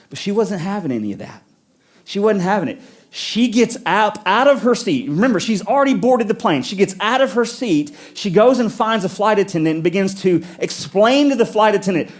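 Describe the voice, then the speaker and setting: A man preaching a sermon, telling a story in an animated way and acting out the quotes with rising intensity. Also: high-pitched, normal speed. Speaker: pastor.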